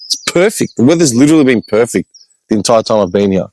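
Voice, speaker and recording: An Australian man, a podcast host, telling stories in an animated, exasperated way with blunt swearing, in a casual walk-and-talk vlog. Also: fairly low pitch, fast, dry recording, rough recording. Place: outdoor hillside cemetery with birds.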